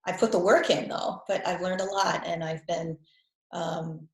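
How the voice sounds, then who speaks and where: A woman's voice: fairly low pitch, fairly even intonation, unhurried, echoey room, rough recording. Chatty woman with a faded Boston accent. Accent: Boston, mostly faded. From New England. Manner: chatty, repeats words, frequent ums and laughs. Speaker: guest health coach. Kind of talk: casual video call chat.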